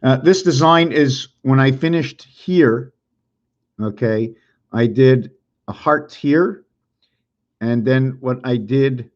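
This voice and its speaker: A man explains things as he draws them, thinking out loud in a rambling, musing way. He often sounds unsure of his own point. His voice sits in a middle pitch, and the recording is dull and lo-fi. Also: slow, long pauses. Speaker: video creator. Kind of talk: thinking aloud while drawing and explaining.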